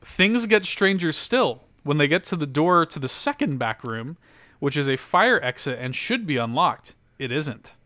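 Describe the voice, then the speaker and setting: Laughing, animated male podcast host. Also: on the high side, moderate pace, no room sound. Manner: animated, laughs often, loose profane storytelling. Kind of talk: casual podcast chat, reading an article aloud.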